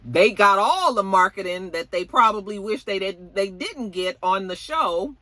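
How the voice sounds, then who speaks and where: A woman's voice: medium pitch, lively intonation, unhurried, bright, forceful tone, dry recording. A woman hosting a casual gossip commentary show, talking straight to her viewers in a chatty way with plenty of fillers. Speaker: YouTube celebrity gossip host.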